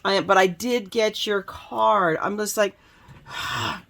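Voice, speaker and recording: A woman crafting vlogger chatting excitedly to viewers about the mail she got, bubbly and gushing. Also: medium pitch, takes it slowly. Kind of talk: excited casual happy-mail chat.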